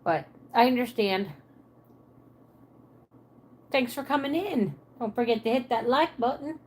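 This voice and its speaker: A woman's voice: on the high side, lively intonation, a little slow, a little mellow. Chatty woman with Pennsylvania Dutch twang. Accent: Pennsylvania Dutch with a Southern twang. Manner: chatty, answers chat comments aloud. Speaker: livestreamer. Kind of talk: casual livestream chat. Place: her apartment at night.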